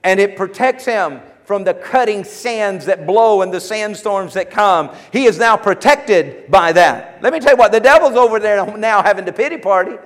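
A man's voice: sits high, lively intonation, normal speed, few pauses, a bit bright. A male pastor preaching a fervent sermon, repeating phrases for emphasis and calling out to his listeners. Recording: long hall reverb.

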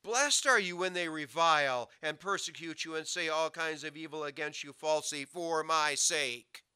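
A man preaching a sermon, swinging from loud emphatic lines to low quiet asides. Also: moderate pace, smooth, dry recording, clean studio sound. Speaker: pastor.

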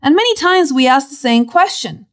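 A woman leads a Bible lesson in a bright, higher voice. She tells the story dramatically and her pitch leaps and drops all the time, so it stays lively. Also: moderate pace. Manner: dramatic, animated storytelling with sudden pitch swings. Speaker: Bible teacher. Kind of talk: expressive Bible teaching.

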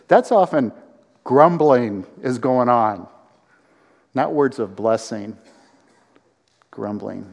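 A man preaching a sermon to a congregation, animated, with acted-out quotes and rising emphasis. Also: medium pitch, long reverb tail. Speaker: pastor.

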